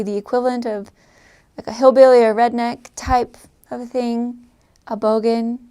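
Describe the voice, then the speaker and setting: A young American woman chatting casually to camera, with lots of fillers, soft trailing phrases and frequent laughs. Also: medium pitch, gravelly. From United States. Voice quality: filler-heavy, laughing often, trailing off softly. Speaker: vlogger. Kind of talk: casual chat.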